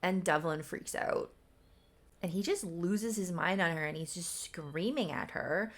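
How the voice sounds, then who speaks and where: A woman's voice: fairly low pitch, unhurried, a bit bright. A woman in her thirties, chatty and laughing at herself while recapping her old soap opera story. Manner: chatty, laughing, self-mocking. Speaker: YouTuber. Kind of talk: casual recap commentary.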